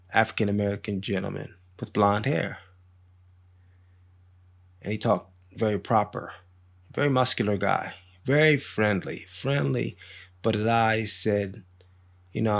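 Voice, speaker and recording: A man hosting a podcast, telling a story in a casual monologue, unhurried and digressive with a street-wise manner. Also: lowish voice, creaky. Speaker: podcast host.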